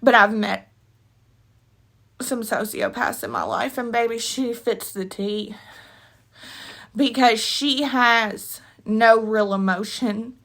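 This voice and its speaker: Teary woman venting to camera, high bright voice, blunt and all over the place. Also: slow, long pauses. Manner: heated, blunt, rambling, with slangy asides. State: tearful, with a runny nose. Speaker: commentary vlogger. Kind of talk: emotional opinion rant to camera.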